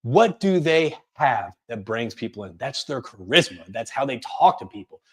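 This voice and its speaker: Male career coach running a webinar; quick, energetic, self-correcting delivery. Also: medium pitch, husky. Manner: fast, energetic delivery with many restarts. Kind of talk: webinar talk.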